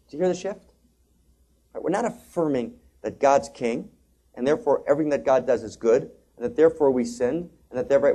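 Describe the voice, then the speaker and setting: Dramatic, mellow-voiced male spiritual teacher. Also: medium pitch, expressive. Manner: dramatic, swings from hushed asides to loud outbursts; chants liturgical phrases slowly. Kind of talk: spiritual lecture.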